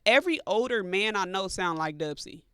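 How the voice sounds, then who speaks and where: A woman's voice: mid-range voice, expressive, fairly quick, a bit bright, smooth, no echo. A woman from Los Angeles co-hosting a podcast, chatting casually and laid-back with lots of fillers. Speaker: co-host.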